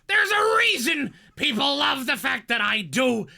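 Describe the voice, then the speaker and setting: Screechy raspy cartoon parrot. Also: male voice, very high voice, big pitch swings, measured pace, voice pushed up, exaggerated voice. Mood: boastful. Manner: yelling, exasperated rants. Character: shrill loudmouthed male cartoon parrot sidekick. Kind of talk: impression of a comedian's parrot voice.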